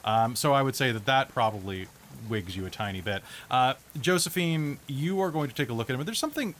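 A man running a tabletop role-playing game as game master, narrating in a relaxed, chatty way with frequent fillers. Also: medium pitch, brisk, slight background noise.

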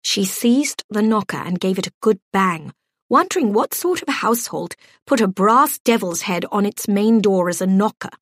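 A woman narrating an audiobook in a measured, gently expressive storytelling voice. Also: medium pitch, no echo, clean studio sound.

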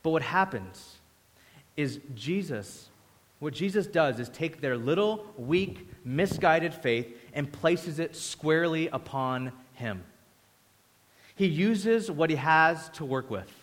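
A man's voice: a little high, lively intonation, unhurried. A man preaching a sermon as pastor, conversational and acting out voices as he goes. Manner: conversational, acts out voices in quotes. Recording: echoey hall reverb.

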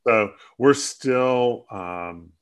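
A man co-hosting a casual talk show, speaking in halting bursts with frequent restarts and fillers. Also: medium pitch, smooth. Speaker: co-host. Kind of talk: casual chat.

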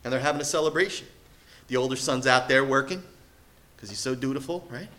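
Bright-voiced male preacher. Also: mid-range voice, brisk. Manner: animated storytelling, acting out quoted voices. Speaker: pastor. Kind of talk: sermon.

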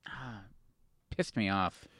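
A man's voice: on the low side, takes it slowly, fairly bright tone, no room sound, studio quality. A man co-hosting a podcast, telling stories in a chatty way and swearing casually. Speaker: podcast co-host. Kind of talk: casual chat.

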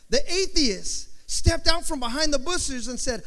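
Male pastor, emphatic repetitive preaching, high voice, reverberant church. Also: expressive, unhurried, few pauses, sharp tone. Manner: call-and-response, emphatic repetition. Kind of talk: sermon. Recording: long hall reverb.

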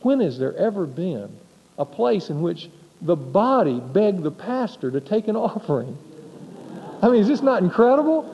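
A pastor delivering an emphatic sermon, asking the congregation rhetorical questions. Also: male voice, high-pitched, sing-song, moderate pace, in a large hall, highs cut off, slight background noise.

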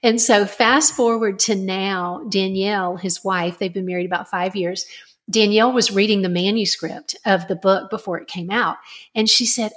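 A woman's voice: mid-range voice, steady tone, normal speed. A middle-aged woman, a parenting author, earnestly telling a family story as a podcast guest. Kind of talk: conversational storytelling.

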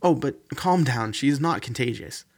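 A man's voice: medium pitch, animated, a little slow. Man as a young lab technician, scruffy, vague, hesitant, audiobook. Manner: vague and hesitant, then defensive.

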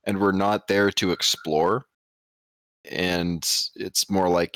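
A man with a very low voice, chatting on a podcast in a laid-back, rambling way. The sound is dry and close, with no room around him. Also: slow, no echo. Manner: relaxed, rambling, restarts his sentences. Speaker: podcast co-host. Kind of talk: casual chat.

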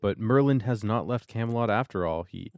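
A man co-hosting a podcast, recapping a TV episode in casual chat with deadpan, sarcastic asides. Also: fairly low pitch, a little fast, no echo, clean studio sound. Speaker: podcast co-host.

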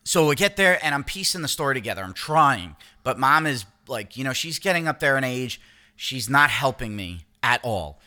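A man's voice: medium pitch, very animated, moderate pace, bright, forceful tone. A middle-aged man telling a long story in casual podcast chat, rambling and swearing, often restarting his sentences. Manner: rambling, profane, self-interrupting. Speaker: podcast co-host.

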